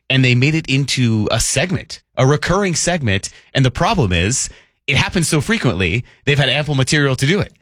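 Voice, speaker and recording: A man hosting a morning sports radio show, talking quickly and casually and laughing often. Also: medium pitch, fairly bright tone, no room sound, studio quality.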